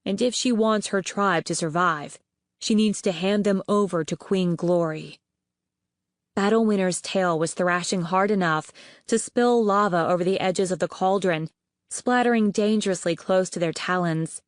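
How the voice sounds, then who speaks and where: A woman narrates an audiobook in a steady, even manner. Her voice sits on the low side and is recorded dry and close, with no room sound at all. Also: normal speed, dry recording. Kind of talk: scripted narration.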